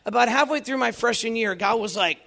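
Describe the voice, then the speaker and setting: A man in his fifties giving an earnest, animated inspirational talk to young people, telling his own faith story with self-deprecating humor. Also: extremely high pitch, brisk, vocal fry, a little hiss or hum. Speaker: Catholic youth speaker.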